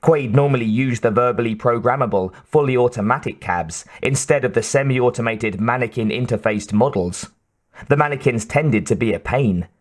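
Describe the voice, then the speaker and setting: A man with a medium-pitched voice narrates an audiobook from a script, telling the story in a measured, even way.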